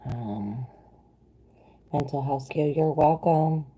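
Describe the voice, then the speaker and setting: A woman with a raspy, gravelly smoker's voice giving a casual livestream tarot reading, loose and chatty with lots of fillers. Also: low-pitched, takes it slowly, mellow. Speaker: tarot reader.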